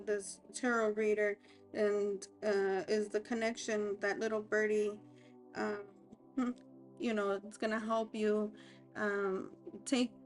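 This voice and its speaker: Slow, halting woman giving a tarot reading. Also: mid-range voice. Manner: hesitant and halting, many fillers and restarts. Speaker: tarot reader and life coach.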